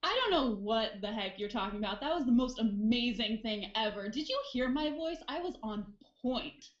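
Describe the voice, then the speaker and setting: A man's voice: very high voice, expressive, moderate pace, reverberant, dull audio, pitched above the performer's own voice. A man voicing a confident, flamboyant female halfling singer who boasts about her voice. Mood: indignant. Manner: indignant, boastful.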